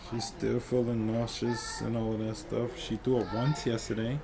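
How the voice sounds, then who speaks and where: A man's voice: medium pitch, level tone, normal speed, gravelly, noisy background. A man chatting casually in a family vlog, easygoing and matter-of-fact. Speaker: vlogger, husband. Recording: music playing behind.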